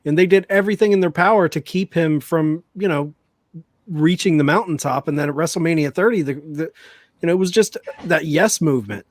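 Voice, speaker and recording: A man's voice: a little high, brisk, dry recording. A man hosting a podcast, talking casually and thinking aloud as he builds his point. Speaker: podcast host. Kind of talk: casual panel chat.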